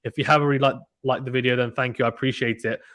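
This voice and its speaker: Excitable man calling tennis live. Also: medium pitch, racing. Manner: chatty, excitable, reacts loudly to misses. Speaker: live stream commentator. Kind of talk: casual play-by-play commentary.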